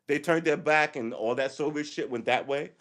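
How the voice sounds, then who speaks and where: A man's voice: a little high, normal speed, a bit bright. A man hosting a livestream, delivering a rambling, sarcastic political monologue with frequent profanity. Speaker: livestream host.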